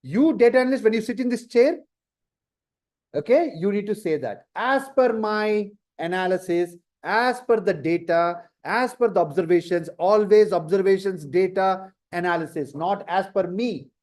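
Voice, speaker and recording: A man teaching data science to a class, asking lively rhetorical questions. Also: high voice, moderate pace. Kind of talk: classroom lecture.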